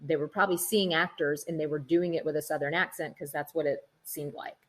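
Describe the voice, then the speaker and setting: A low, husky woman's voice in a relaxed interview. She is a middle-aged actress who tells stories with lots of energy and acts out the people she quotes. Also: fairly quick. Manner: chatty, animated storytelling, acts out quoted people. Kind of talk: casual interview conversation.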